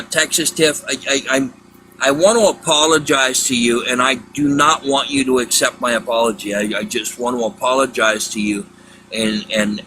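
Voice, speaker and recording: A man hosting a casual livestream, talking in a halting way with many repeated words. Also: mid-range voice, sharp tone, slight background noise, poor audio. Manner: halting, repeats words, exasperated then apologetic. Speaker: livestream host.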